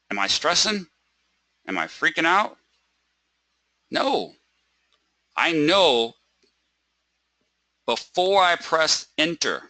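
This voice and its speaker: A man's voice: mid-range voice, pushed and bright, no room sound. A man teaching a live webinar lesson. He asks rhetorical questions, checks in with "right?" and "okay?", and acts out a stressed trader by repeating words. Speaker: trading webinar instructor.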